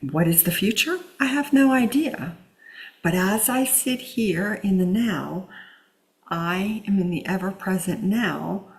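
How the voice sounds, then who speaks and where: A woman leading a spiritual healing lesson, speaking in an unhurried way with many pauses and fillers and sometimes dropping to a soft whisper. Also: medium pitch. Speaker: healing teacher. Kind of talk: spiritual teaching talk.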